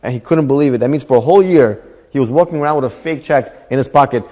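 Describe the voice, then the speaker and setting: Animated fast-talking rabbi telling a story. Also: male voice, mid-range voice, in a large hall. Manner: animated storytelling with voiced characters. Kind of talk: storytelling Torah class.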